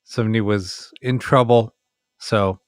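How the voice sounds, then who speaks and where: A man's voice: on the low side, steady tone, measured pace, smooth, no echo, studio quality. Tired man hosting a late-night stream. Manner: hesitant, many ums, tired and yawning. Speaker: ghost box livestream host. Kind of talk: casual late-night livestream chat.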